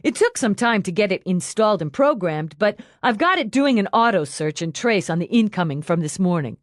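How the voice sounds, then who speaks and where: A woman playing a cheeky, excitable young male detective. He talks in a breezy way, with pitch that bounces around. The sound is dry and up close. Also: brisk, dry recording, natural voice.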